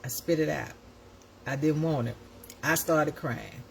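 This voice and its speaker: A woman, hosting and telling a story in a casual, animated way, often laughing and acting out voices. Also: sits low, unhurried, vocal fry, slight background noise. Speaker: host.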